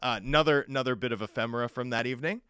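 A man co-hosting a sports talk show, telling stories in an animated, chatty way with quick asides. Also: medium pitch, clear, resonant tone, no room sound, studio quality. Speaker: sports radio co-host.

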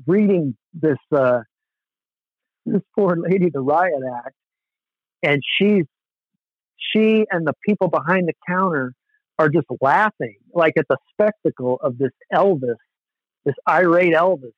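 A man with a slightly higher voice tells a story in a loose, animated way and swears freely. The sound is dry and close, with a dull, lo-fi edge. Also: measured pace, pauses often, no room sound. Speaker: musician guest. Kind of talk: casual storytelling.

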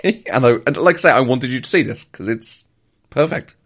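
A man's voice: medium pitch, expressive, moderate pace, a bit bright. A man co-hosting a podcast in casual chat, enthusiastic, often repeating words and laughing. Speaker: podcast co-host.

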